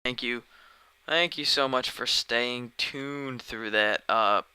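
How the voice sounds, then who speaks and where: While live-streaming a game at home, a man chats casually and rambles, often getting sidetracked mid-sentence. He speaks slowly in a medium-pitched voice that is pushed and bright with a clean tone, recorded on a dedicated desk microphone with no room sound, though the recording is rough.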